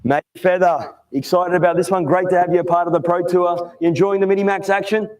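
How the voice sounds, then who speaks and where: A man's voice: high voice, fairly even intonation, fairly quick, darkish tone. A man interviewing young drivers on the grid at a night kart race, upbeat and chummy. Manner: upbeat, chummy, calls everyone mate. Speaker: grid announcer.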